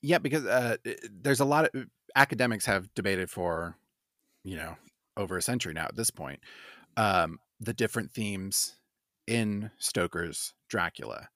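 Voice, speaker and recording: A man co-hosting a podcast in casual chat, lively and acting out quotes in silly voices. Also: fairly low pitch, normal speed, no room sound, studio quality. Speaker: podcast co-host.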